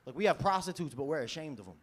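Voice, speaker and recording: There's a little hiss or hum behind this man's a-little-high, rapid-fire voice. A comedian from New York in his 20s, he does a loose, lively set at a comedy club, often tossing in "you know?" and chuckling at his own lines.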